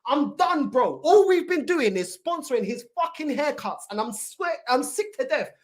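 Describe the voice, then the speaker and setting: Ranting high-voiced woman. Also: normal speed. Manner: animated, profane ranting with street slang. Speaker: fan show host. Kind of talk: casual football talk show.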